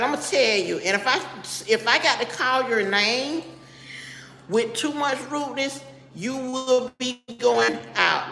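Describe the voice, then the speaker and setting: A middle-aged woman chatting on a live stream in a slightly high, gravelly voice. She is blunt and keeps breaking off to greet viewers by name. The room is echoey, with a long reverb tail. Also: bright, forceful tone, a little hiss or hum. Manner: blunt and straight-talking. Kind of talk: casual live-stream chat.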